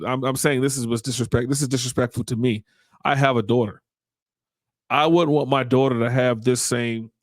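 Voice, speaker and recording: A man's voice: medium pitch, no echo, studio quality. A man hosting a podcast, delivering blunt, indignant opinion commentary and often restarting his sentences. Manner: blunt, indignant, repeats himself while thinking. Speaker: podcast host.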